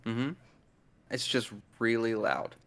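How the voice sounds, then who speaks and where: A man in his thirties or older talks as a guest in a relaxed conversation. He explains things patiently and at length, with a voice sitting in an ordinary middle register. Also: mid-range voice, slow, gravelly. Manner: patient, explanatory, chuckles while talking. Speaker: deaf guest on a study stream.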